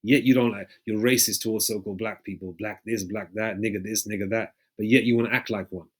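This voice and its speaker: A man preaching in a loose, rambling way, often pausing to check in with his listeners and swearing freely. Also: fairly low pitch, steady tone. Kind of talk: casual street-style preaching with scripture readings.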